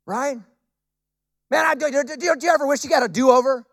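A male pastor preaching a sermon, animated and humorous, swinging from loud bursts to quiet, intense asides. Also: extremely high pitch, moderate pace.

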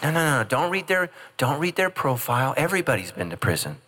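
A man's voice: medium pitch, very animated, quick pace, pushed and bright. A middle-aged man preaching a humorous sermon as pastor, joking and acting out quoted voices. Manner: jokey, acts out quoted voices.

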